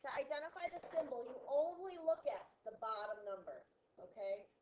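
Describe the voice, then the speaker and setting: A woman's voice: high-pitched, sing-song, normal speed, darkish tone, roomy sound, slight background noise, low-quality recording. A woman teacher with a sick voice giving a chemistry review lesson, explaining step by step, asking and answering her own questions and checking in with "okay?".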